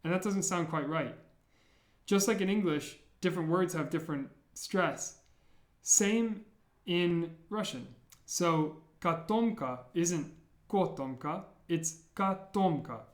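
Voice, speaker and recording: A man with a fairly high voice gives a beginner language lesson, patiently spelling out each sound and repeating it. The room is echoey, so his voice rings off the walls. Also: slow pace. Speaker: language teacher.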